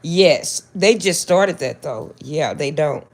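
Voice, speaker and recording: An older woman hosting a casual livestream from her phone, telling stories in a chatty, animated way. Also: low-pitched. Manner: chatty, animated storytelling, drawn-out asides. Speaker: livestream host.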